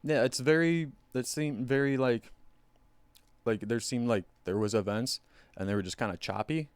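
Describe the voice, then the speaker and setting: A man's voice: medium pitch, normal speed, clean tone, no echo. A man co-hosting a podcast, rambling and swearing freely in casual chat, acting out voices when he retells scenes. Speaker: podcast co-host.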